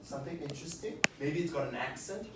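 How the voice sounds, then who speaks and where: A workshop leader coaching a group through puppetry basics, lively and coaxing, tossing questions out to the room. The voice sits in a middle register. It is caught from across a large, echoey room. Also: mid-range voice, fast talker, slight background noise. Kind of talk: teaching a workshop. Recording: echoey room, picked up from a distance.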